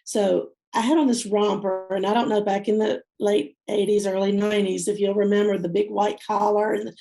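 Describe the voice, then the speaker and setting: A woman in her fifties shares a personal love story as a guest, her voice edged with a gravelly fry. She speaks from the heart, often pausing on fillers, and is close to tears at times. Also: medium pitch, flat delivery, warm tone. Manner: tearful, heartfelt, many fillers. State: teary.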